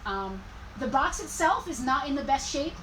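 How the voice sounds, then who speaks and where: A woman co-hosting a toy store live sale, brisk and teasing in casual chat. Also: high voice, expressive, a bit bright, distant mic, poor audio. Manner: teasing, brisk, self-mocking. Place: inside a toy and collectibles store. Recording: off-mic with clear background noise.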